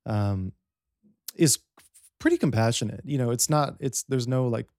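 A man talking casually as a podcast guest, rambling and animating his stories with quick retold dialogue. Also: mid-range voice, no echo, studio quality. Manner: fast, rambling, animated retellings. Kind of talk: casual conversation.

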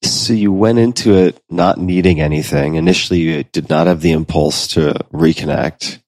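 A male interviewer asking a question in a calm, measured way. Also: deep voice, no room sound.

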